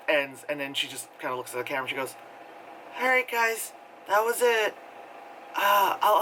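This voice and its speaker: A man's voice: medium pitch, pushed and bright, slight background noise, rough recording. A man casually reviewing a film, rambling with lots of fillers and laughing as he goes. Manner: rambling, filler-heavy, laughs often, mimics characters. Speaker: movie reviewer.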